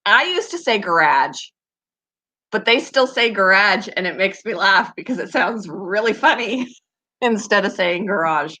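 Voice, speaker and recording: Chatty Canadian woman with a bright voice. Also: medium pitch, animated, a little slow. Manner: chatty, giggly, answers viewers' comments. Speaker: pet channel host. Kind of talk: casual live-stream chat.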